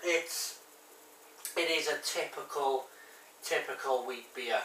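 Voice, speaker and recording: A man's voice: mid-range voice, slow pace, bright, forceful tone, far from the mic, slight background noise. A man with a Barry Welsh accent, reviewing a bottled beer in a chatty, rambling way full of ums and restarts. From Wales. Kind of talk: casual review to camera. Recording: echoey room, voice off-mic.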